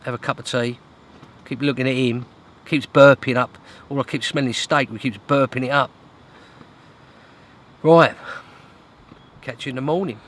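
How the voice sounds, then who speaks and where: A British fishing vlogger chats to camera at a windy, rainy lake, mocking himself and muttering complaints as he fishes. His mid-range voice is fast and fairly bright, with a fairly even intonation.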